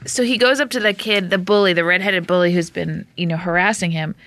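A woman's voice: lowish voice, fairly even intonation, fairly quick, fairly bright tone, no room sound. A woman co-hosting a casual movie-review podcast, making her points with emphasis. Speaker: podcast co-host.

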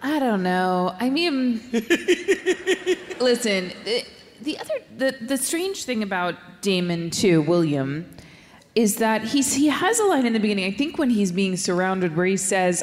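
Expressive woman in casual movie talk. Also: medium pitch, measured pace. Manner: expressive, critical. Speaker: podcast co-host. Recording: roomy hall, faint background noise.

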